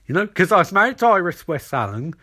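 A man's voice: sing-song, fast talker, pushed and bright, heavily acted. A man voicing an angry young male hero who rants and swears at his enemy. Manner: shrill ranting, swearing.

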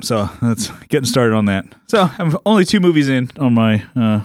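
A man chatting on a podcast in an animated way, swearing and acting out scenes. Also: medium pitch, fast, few pauses, dry recording, clean studio sound. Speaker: podcast producer. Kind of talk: casual chat.

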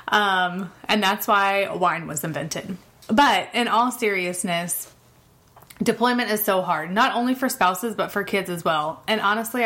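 A woman's voice: medium pitch, a bit bright. Chatty, candid woman podcast host. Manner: chatty, candid, laughs often while talking. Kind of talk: casual solo podcast talk.

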